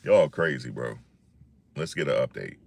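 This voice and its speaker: Deep-voiced man from Virginia, chatting. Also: normal speed, vocal fry, breathy edge. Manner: animated slangy storytelling, acts out quotes. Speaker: live-stream host. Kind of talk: casual live-stream chat.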